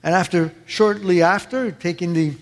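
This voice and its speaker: A man's voice: high-pitched, fairly even intonation, moderate pace, big-room sound. A man preaching a sermon with passion, acting out the voices he quotes. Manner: impassioned, acts out quoted voices.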